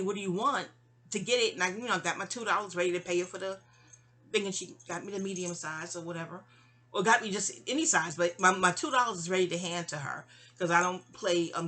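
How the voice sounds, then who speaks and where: Bright-voiced woman telling a rambling story. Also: fairly low pitch. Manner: digressive, stammering restarts, asides to listeners. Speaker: memoir storyteller.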